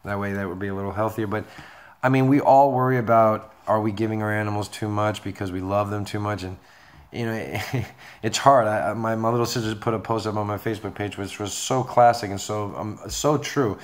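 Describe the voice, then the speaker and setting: A man's voice: on the low side, fairly even intonation, fairly quick. A young man chatting casually as he answers viewer questions about caring for reptiles, rambling and reassuring. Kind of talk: casual Q&A video.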